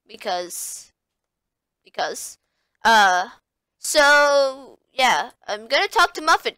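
A woman's voice: high-pitched, no room sound. A woman hosting a let's-play video, chatting and rambling casually as she plays. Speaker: gaming video host. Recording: loud game music behind.

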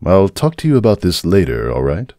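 A man's voice: deep voice, huge pitch swings, a little fast, warm tone, dry recording. A man playing a dry, weary stallion dad. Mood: deadpan. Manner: dry, sarcastic understatement. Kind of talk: fan audio drama reading. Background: faint background music.

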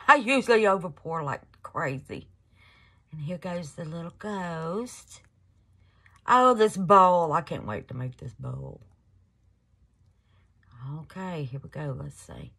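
Slow-talking woman gushing over crafts. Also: lowish voice, big pitch swings, vocal fry, fairly bright tone, husky. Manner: gushing, affectionate, calls viewers baby and y'all. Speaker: resin crafting channel host. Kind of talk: casual crafting demo vlog.

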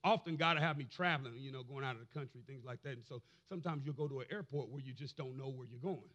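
Male pastor, raspy bright voice, preaches with shouted build-ups and call-and-response. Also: mid-range voice, fast talker, lo-fi sound. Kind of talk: sermon.

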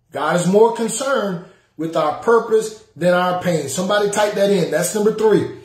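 A man's voice: high voice, moderate pace, reverberant. A man preaching a sermon as pastor, repeating his key lines and calling out to the congregation to respond. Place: church sanctuary.

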